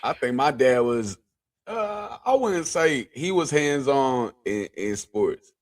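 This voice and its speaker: A man with a mid-range voice co-hosting a podcast in relaxed, casual chat. He reflects calmly on his family and turns the talk over with questions. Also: medium pitch, slow. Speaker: podcast co-host.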